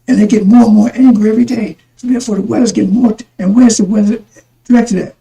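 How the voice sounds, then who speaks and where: A man's voice: high-pitched, fairly even intonation, quick pace, creaky, warm tone, low-quality recording. A man giving a rambling religious talk to his listeners, repeating himself and calling them brothers and sisters. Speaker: religious broadcaster.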